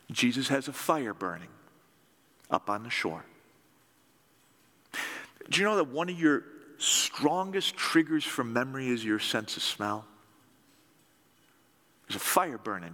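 Guy preaching a sermon, chatty storyteller, pitch all over the place, echoey big hall. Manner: animated, conversational storytelling. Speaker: pastor.

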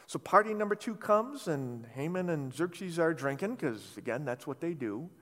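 A man preaching a sermon, telling a scripture story in an animated, conversational way. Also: fairly high pitch, moderate pace. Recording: reverberant hall.

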